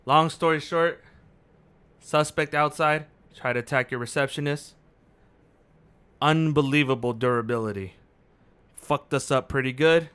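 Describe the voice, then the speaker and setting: A man's voice: a little high, a little slow, long pauses, a bit bright, smooth. Terse, clipped man at a game table. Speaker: player. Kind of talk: casual tabletop play in character.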